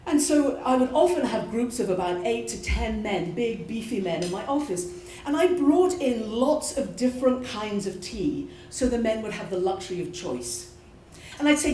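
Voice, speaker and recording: A woman's voice: on the high side, moderate pace, slight background noise. A British woman and former prison chaplain, telling a true personal story expressively at a live show. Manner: animated, expressive. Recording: echoey room from a live show.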